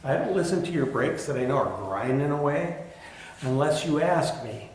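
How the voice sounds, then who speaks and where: A man's voice: a little high, animated, moderate pace. A middle-aged man delivers a sermon in a church sanctuary, his voice bouncing around a very reverberant room with a faint hum of ambience. He speaks candidly about his own struggles, mixing in dry, self-deprecating humor. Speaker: pastor.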